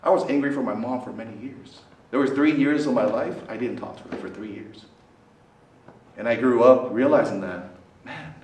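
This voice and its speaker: A male priest with a low voice addresses a student fellowship in a meeting hall at a student center, lively and dramatic with big swings in pitch and loudness. He keeps putting questions to the room, tagging lines with "right?" The mic sits at a distance, giving roomy echo and faint background noise.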